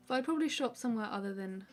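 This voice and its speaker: A woman, an artist hosting a live stream, chatting casually and answering viewer questions with a relaxed, rambling manner full of fillers. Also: a little high. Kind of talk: casual chat while drawing.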